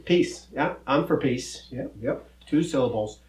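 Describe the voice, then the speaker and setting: A man's voice: medium pitch, lively intonation, unhurried, darkish tone, echoey room, lightly acted. A man playing a good-natured cowboy teacher who explains word parts with a folksy drawl and corny jokes. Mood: friendly. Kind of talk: children's comedy skit.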